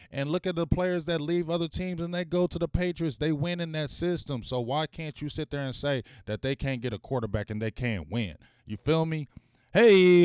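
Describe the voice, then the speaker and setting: Animated man ranting on sports. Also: medium pitch, clear, resonant tone, dry recording, clean studio sound. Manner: animated, talks straight to viewers, casual slang. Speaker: sports talk show host. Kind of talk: live-stream sports talk.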